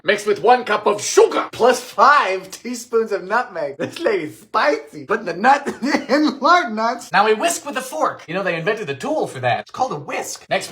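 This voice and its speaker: A man from Bermuda, hosting a cooking show with comedic recipe narration, theatrical wry asides and sudden jumps into high exclamations. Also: sharp tone.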